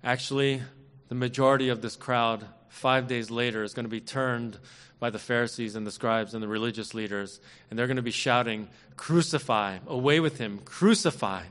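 Earnest preacher in an echoing hall. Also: male voice, medium pitch, fairly bright tone, clean tone. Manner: earnest, measured preaching with emphatic repetitions. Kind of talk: sermon. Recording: long hall reverb.

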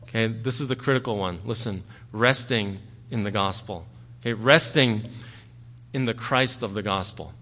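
A man's voice: on the low side, normal speed, bright, forceful tone. Preaching man in a reverberant hall. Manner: conversational preaching, frequent "okay?" and "right?" checks. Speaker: pastor. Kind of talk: sermon.

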